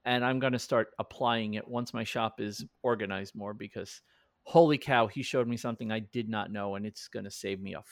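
A man in his forties co-hosting a casual chat show, telling stories with lively acted-out quotes and frequent laughter. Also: fairly low pitch, fairly quick, vocal fry, no echo, clean studio sound. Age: 40s. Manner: animated storyteller, acts out quotes, laughs often. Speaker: podcast co-host.

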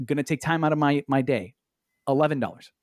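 A man on a podcast telling a story in an exasperated, animated way, swearing freely and swinging up into high pitch. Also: fast, dry recording, clean studio sound. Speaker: podcast co-host. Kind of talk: casual storytelling chat. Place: Los Angeles.

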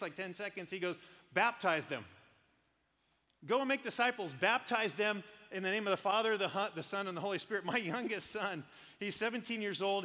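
Here a middle-aged preacher with a high voice delivers a sermon through lively storytelling, voicing the people in his tales as he goes. His words echo with long hall reverb.

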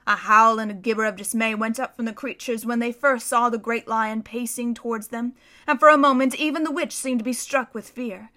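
Woman narrator, children's audiobook, dramatic storytelling, bright clear tone, fairly high voice. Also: fairly even intonation, fairly quick.

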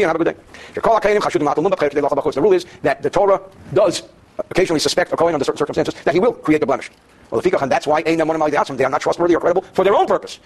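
A man's voice: fairly high pitch, slightly rough. A man teaching a daily class on Jewish law to students in the room. He reads Hebrew passages, then translates them and explains them with jokes. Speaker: Torah teacher.

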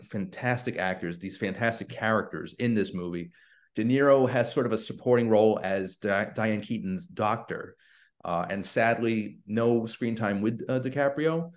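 A man hosting a casual film podcast. He talks with enthusiasm, recommends movies and fills his pauses with "uh". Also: lowish voice, a little mellow.

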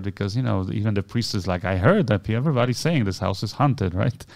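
Man, podcast co-host, lively storyteller, smooth clear voice, dry close sound. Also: lowish voice, fast, few pauses, dry recording. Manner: animated storyteller acting out quoted voices. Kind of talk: casual storytelling chat.

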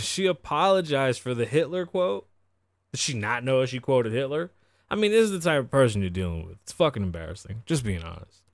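A man's voice: mid-range voice, no echo, studio quality. A man hosting a podcast, riffing on news in a casual, profane and opinionated way. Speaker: podcast host.

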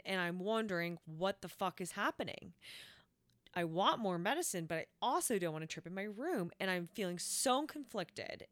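A young woman recounts a personal experience in a candid, rambling way, swearing freely as she goes. Her voice sits a little low and comes through smooth and clear. The sound is dry and close to the mic. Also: a bit bright, dry recording. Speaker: podcast host. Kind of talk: personal storytelling.

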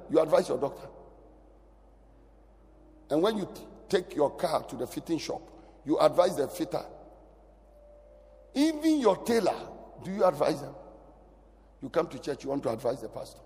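A pastor delivers a sermon in a somewhat raised voice that booms out and then sinks almost to a whisper. His words ring on with the long reverb of a large church hall. The man keeps his congregation close with constant shifts in force. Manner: animated preaching, sudden loud rises and drops to near whisper.

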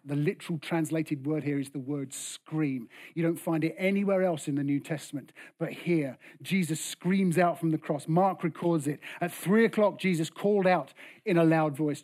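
A man preaching a sermon with passion, rising to loud bursts and dropping to hushed lines. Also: on the high side. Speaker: pastor.

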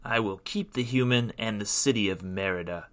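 A man's voice: lowish voice, normal speed, fairly bright tone, close to an everyday voice. A man voicing a cruel, gloating evil sea queen in a storybook reading, drawing out his mocking words.

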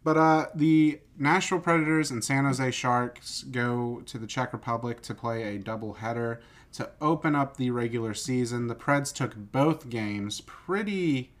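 A man's voice: medium pitch, unhurried. A man from the United States co-hosting a sports podcast, chatty and full of filler words. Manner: chatty, heavy use of "like". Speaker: podcast co-host. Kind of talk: casual sports chat.

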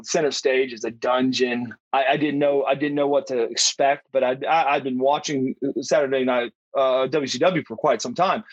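A man's voice: mid-range voice, no echo. A middle-aged former pro wrestler, a man, telling stories as an interview guest, rambling with many restarts. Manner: rambling, with frequent restarts and acted-out quotes. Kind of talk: casual storytelling. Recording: dull, dry lo-fi audio.

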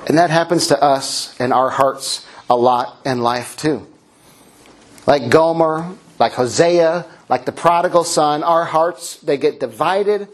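A middle-aged man preaching a sermon, telling stories with self-mocking humor and animated delivery. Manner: animated, swings into high character voices. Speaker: pastor.

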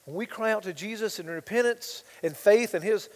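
A male pastor delivers a sermon, moving between hushed asides and loud, impassioned stretches as he reads scripture aloud with mounting intensity. His voice is high-pitched and a bit fast, and the recording carries a long reverb tail.

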